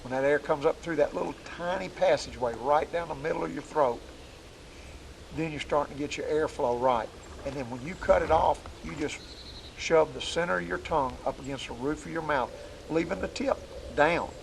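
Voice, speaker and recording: A duck call instructor with a fairly high, creaky voice teaches hunting calls outdoors in the woods, talking a little quickly in a plain, folksy manner while showing how the calls sound. The audio is poor, with a bit of hiss or hum.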